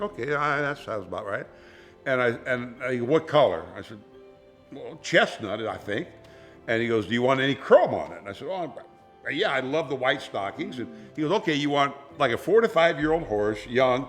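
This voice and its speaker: A man's voice: medium pitch, fairly bright tone. An older man who interjects and jokes while telling stories as an interview guest. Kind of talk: casual storytelling.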